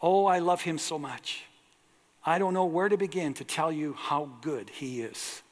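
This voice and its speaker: A fervent, devout churchwoman, as a male preacher puts her on, pours out joyful praise, her voice pitched a little high. Her words are slow and drawn out. They ring with the long echo of a large hall. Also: lightly acted.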